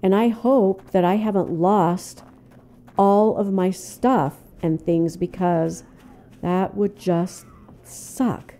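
An older woman giving let's play commentary, jumpy, cursing and talking to the game out loud. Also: mid-range voice, steady tone, slow pace. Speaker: gamer.

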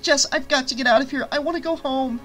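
A man's voice: very high voice, fast, sharp tone, soft background music, pitched above the performer's own voice. A man voicing a frightened, whiny young woman who wails miserably. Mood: panicked. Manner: wailing, miserable.

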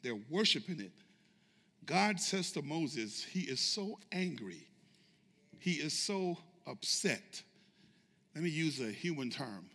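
A high, wildly lively male pastor preaches with fervor, shouting lines and drawing his congregation into call-and-response. His tone is piercingly bright and sharp, and his voice rings through a church hall with a long reverb. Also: takes it slowly, long pauses. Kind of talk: sermon. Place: church sanctuary. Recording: echoey church sanctuary reverb.

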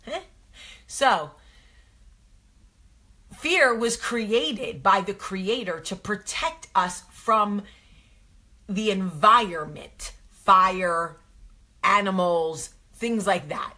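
A woman's voice: mid-range voice, animated, drawn-out words, long pauses, sharp tone. A woman host, talking casually and animatedly to her viewers, asking rhetorical questions. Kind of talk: casual motivational talk to viewers.

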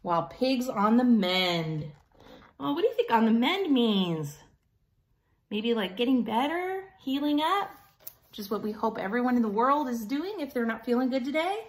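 A woman teacher reading a picture book aloud to children in an animated way, pausing to ask them questions. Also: a little high. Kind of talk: children's story time.

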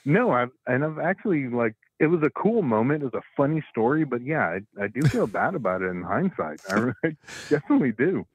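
A man from Tennessee calling into a radio show, telling a story in an animated way, acting out voices and laughing along. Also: medium pitch, a little fast, breathy edge, dry recording. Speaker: caller. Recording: tinny dry phone line.

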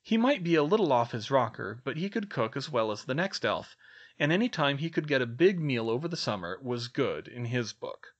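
A man reading a story aloud in a lively, expressive way. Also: mid-range voice, brisk, highs cut off. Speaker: reader. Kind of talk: audiobook narration.

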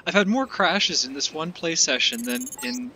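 A man's voice: fairly high pitch, big pitch swings, moderate pace, pushed and bright, faint music behind. A man commenting grumpily over a let's play. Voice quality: grumbling, exasperated.

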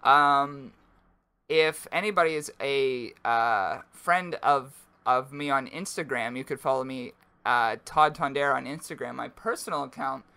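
Young male podcast co-host, bright and clear, playful mock-sponsor delivery. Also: mid-range voice, a little slow. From Pennsylvania, USA. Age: 20s. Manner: jokey, mock-announcer ad reads. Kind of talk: casual podcast chat.

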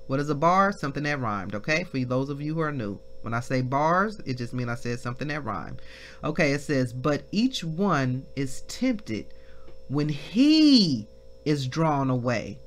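A woman leading a devotional Bible lesson, reading scripture slowly and breaking into shouts of praise. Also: low-pitched. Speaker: minister.

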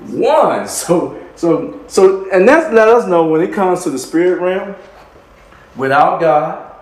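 Male minister, slightly high voice, preaching with punch and repetition in a roomy hall. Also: slow pace, darkish tone. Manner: emphatic preaching, repeating key phrases; chuckles between points. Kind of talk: sermon. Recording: echoey room.

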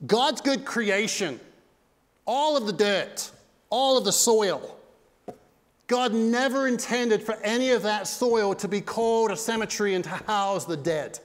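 A male pastor preaching an impassioned sermon, swinging between loud and hushed. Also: sits high, a little slow. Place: church sanctuary. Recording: long reverb of a church hall.

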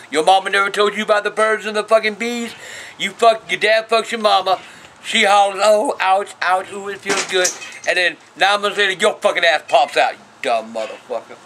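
A man's voice: sits high, sharp tone, a little hiss or hum. An older man hosting his own show, talking bluntly to camera and swearing constantly. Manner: profane and blunt, peppered with curses. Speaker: show host answering viewer questions. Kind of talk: casual talk to camera.

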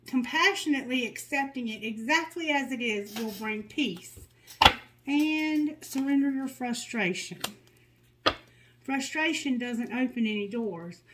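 A woman with a slightly high voice gives a tarot reading. She reads the card messages in a soothing, guiding tone. Between them she drops candid, joking remarks. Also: a bit bright, poor audio. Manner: candid and joking, with blunt asides. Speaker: tarot reader.

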